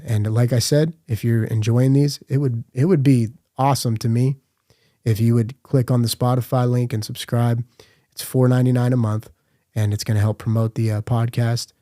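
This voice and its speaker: A man's voice: medium pitch, level tone, moderate pace, warm tone, dry recording, studio quality. A man hosting a Christian podcast, giving an earnest devotional talk with repeated questions. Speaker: podcast host and Christian speaker.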